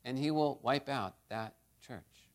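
A man preaching a sermon as pastor, telling a story and then urging his church, with big swings between loud and quiet. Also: medium pitch, slow pace.

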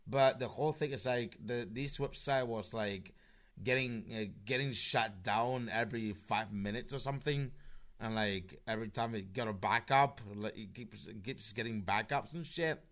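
A man's voice: lowish voice, moderate pace, a bit bright. A man in casual online group chat, rambling with restarts and swearing, with a slightly slurred voice.

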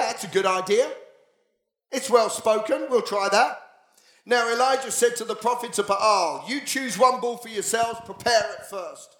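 A man preaching a sermon in a church, telling the story with lively voices and bursts of shouting. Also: extremely high pitch. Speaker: pastor. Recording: echoey church hall.

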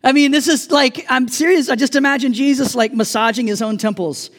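High-voiced man preaching with jokes. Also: fairly quick, few pauses. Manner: animated, joking, conversational preaching. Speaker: pastor. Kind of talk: sermon.

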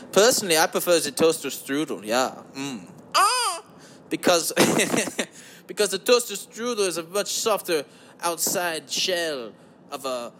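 A man puts on a smarmy, mock German crooning voice for a comedy podcast, pitched a little high. It drawls and purrs, calling everyone baby. A faint hiss sits under the recording. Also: fairly bright tone. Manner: sleazy crooning, drawn-out, calls listeners baby. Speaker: podcast host. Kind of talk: comedic podcast monologue in a put-on voice. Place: home basement.

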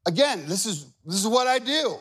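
A man's voice: sits high, sing-song, normal speed, sharp tone, husky. A man in his forties preaching a sermon in a chatty, self-deprecating way, often asking the crowd questions. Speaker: pastor. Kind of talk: sermon with personal stories.

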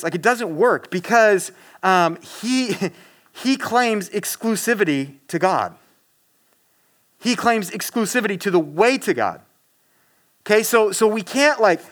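High-voiced man preaching casually. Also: lively intonation, moderate pace, fairly bright tone. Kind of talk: casual sermon.

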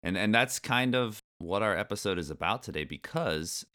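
A man's voice: fairly low pitch, lively intonation, normal speed, pushed and bright. A man hosting a casual podcast, chatty and joking, often laughing and reading aloud with ironic asides. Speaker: podcast host.

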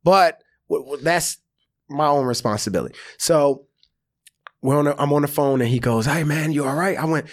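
Male comic guest, raised in the South, fairly high voice, lively slangy storytelling. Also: normal speed. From American South. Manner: animated storyteller acting out quotes, slangy. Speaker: podcast guest, actor and comedian. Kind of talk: casual storytelling chat.

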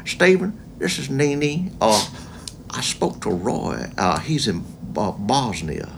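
A gentle, refined old Southern grandmother who speaks softly and slowly with a cultured drawl, put on by a man in a podcast chat. The voice sits low and hushed, well below the speaker's normal level. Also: sing-song, creaky, very noisy, full character voice. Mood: genteel. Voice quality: soft, slow, genteel drawl.

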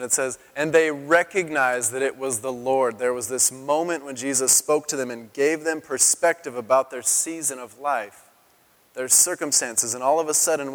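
A pastor in his thirties preaches a sermon with a mid-range voice, telling the story animatedly and acting out the quotes in a raised voice. The recording has a long hall reverb.

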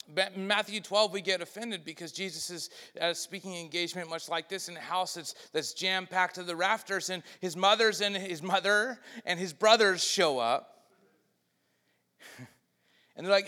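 Male preacher, sermon delivery, bright and forceful, long hall reverb. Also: on the high side, normal speed. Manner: swings between loud and hushed, acts out quoted voices.

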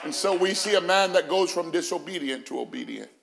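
A male senior pastor preaching an Easter sermon in a church, building from quiet reasoning to shouted, sung-out climaxes. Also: sits high, expressive, a little fast, creaky, noisy background. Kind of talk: Pentecostal-style Easter sermon. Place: church sanctuary, also broadcast.

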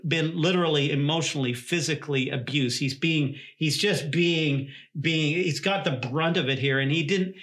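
Earnest higher-voiced male pastor. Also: a bit bright. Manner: earnest, repeats words and restarts often. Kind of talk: sermon.

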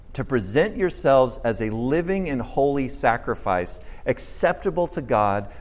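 A man preaching a sermon, asking his listeners questions and acting out the lines he quotes. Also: medium pitch. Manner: animated preaching, asks the audience questions, acts out quotes. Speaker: pastor.

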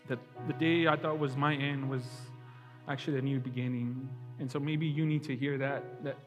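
A man preaching a sermon and leading a closing prayer, earnest and emotional, with slow heartfelt pleading. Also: medium pitch, steady tone, big-room sound, soft background music.

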